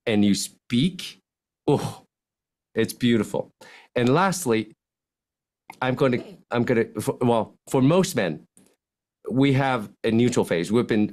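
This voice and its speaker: An animated man explains how to speak well, his voice sitting at an ordinary middle pitch yet leaping high and dropping low whenever he illustrates a point. He acts out sample phrases in contrasting tones, like a coach demonstrating to a room. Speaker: physician guest speaking on communication. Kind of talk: podcast interview, coaching talk.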